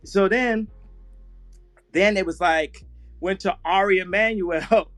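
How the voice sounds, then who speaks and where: A man's voice: high-pitched, slow, fairly bright tone, soft background music. A man talking casually in a loose, rambling way on a phone, repeating himself and restarting. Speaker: invited guest in an audio chat room. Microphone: phone in a social audio app.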